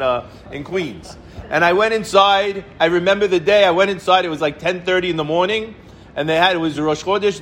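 A middle-aged man giving an informal Torah lesson, animated, repeating words for emphasis and answering his own questions. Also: high voice, slight background noise. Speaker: rabbi teaching the weekly Torah portion.

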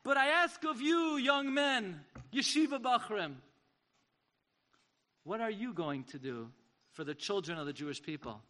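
A man's voice: high-pitched, lively intonation, a little slow, pushed and bright, exaggerated voice. A man voicing an elderly, aristocratic male rabbi who speaks with fierce, impassioned urgency. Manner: impassioned, rising to a cry.

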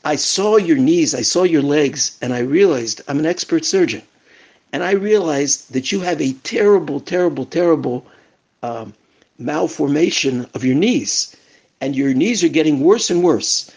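A man voicing a confident male surgeon who explains himself earnestly, with a husky voice. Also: on the high side, animated, normal speed, a little mellow.

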